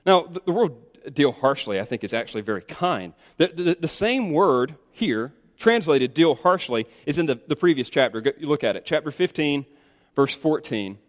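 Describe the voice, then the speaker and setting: A male pastor preaching a sermon, emphatic and animated, swinging between loud insistent stretches and hushed asides. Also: a little high, moderate pace. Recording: reverberant hall.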